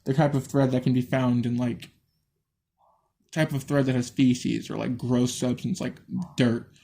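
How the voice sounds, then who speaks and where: A man's voice: medium pitch, level tone, unhurried, gravelly, dark tone. A man reading a violent horror story aloud who keeps stumbling, restarting lines and swearing at his own misreadings. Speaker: story reader.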